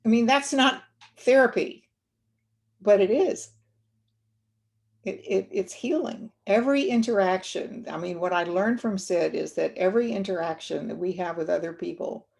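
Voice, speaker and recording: Woman, low register, gravelly edge; gentle reflective storyteller, lots of ums and restarts. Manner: gentle, unhurried, with many fillers and restarts. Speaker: guest speaker.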